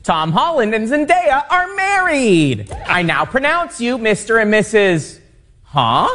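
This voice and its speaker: A man's voice: big pitch swings, a little slow, heavily acted. A man doing a comedy-sketch impression of an indignant male conservative TV pundit, talking in exaggerated, incredulous outrage. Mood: mock outrage. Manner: exaggerated squeaky outrage, sudden high jumps in pitch. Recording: TV sketch clip with loud audience noise.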